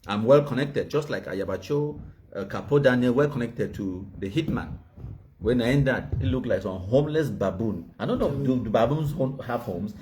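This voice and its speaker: A man's voice: mid-range voice, expressive, normal speed, darkish tone, slight background noise. Boastful Cameroonian man, mocking banter. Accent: Cameroonian Pidgin English. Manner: boastful, mocking, laughs at own jokes. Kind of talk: casual banter.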